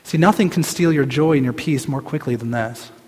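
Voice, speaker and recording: A man preaching a sermon with passion, rising to loud cries and then dropping to hushed, near-whispered lines. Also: medium pitch, fairly quick, slightly rough. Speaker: pastor. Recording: long hall reverb.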